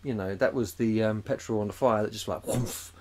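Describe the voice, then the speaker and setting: A man's voice: fairly low pitch, quick pace, darkish tone, a little hiss or hum. A man, co-hosting a podcast in casual chat, rambling and swearing as he jumps into put-on voices. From England. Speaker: podcast co-host.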